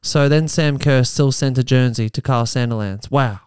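Sarcastic comedian, smooth voice. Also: male voice, mid-range voice, normal speed, a little mellow, no echo, clean studio sound. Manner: riffing, sarcastic, jumps into mock voices. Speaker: comedian podcast host. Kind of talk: comedic commentary on a news article.

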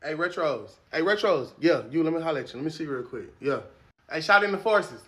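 A man's voice: a little high, animated, fairly quick, bright, forceful tone. A man voicing a pushy young street hustler selling shoe cleaner to passersby. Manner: smooth-talking, pushy salesman.

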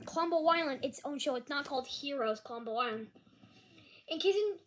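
A woman talking casually to camera in a rambling, halting apology vlog. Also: high voice, expressive, a little hiss or hum. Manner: rambling, halting, with frequent restarts. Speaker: vlogger. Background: dog nearby.

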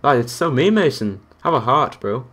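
A man's voice: medium pitch, sing-song, normal speed, fairly bright tone. A young man chatting through a live game stream, counting aloud and reacting to viewers and other players. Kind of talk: live gameplay commentary.

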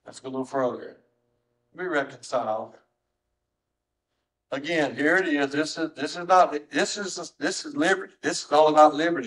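A middle-aged man, preaching a sermon as pastor in a church, swinging from soft, low tones to high, strained cries. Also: normal speed, poor audio. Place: church sanctuary.

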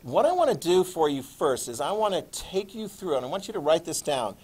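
Animated man teaching a history class. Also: on the high side, fairly quick, breathy edge. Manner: animated, playful, with sound effects. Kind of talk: classroom lecture.

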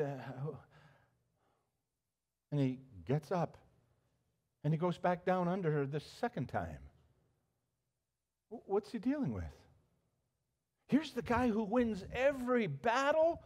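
A male pastor preaching a sermon, telling a story with animated emphasis and frequent restarts. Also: high voice, takes it slowly, long pauses.

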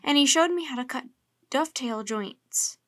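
A woman reading aloud voices James, an excited young boy, lifting her voice for his eager lines. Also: sits high, moderate pace.

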